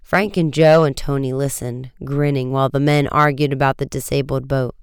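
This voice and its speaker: Man reading an audiobook, steady and measured, super clean dry sound. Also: mid-range voice, smooth, dry recording. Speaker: narrator.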